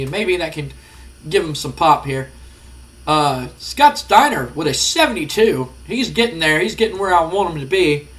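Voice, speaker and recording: A man's voice: sits high, fairly bright tone. A man giving rambling, casual let's-play commentary, full of fillers. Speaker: gaming channel host.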